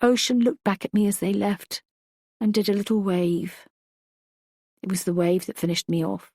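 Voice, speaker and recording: Reading a thriller audiobook written in the first person, a female narrator keeps a mid pitch and a measured, reflective tone. She narrates steadily and thoughtfully. There's no room sound in the dry, close-miked recording.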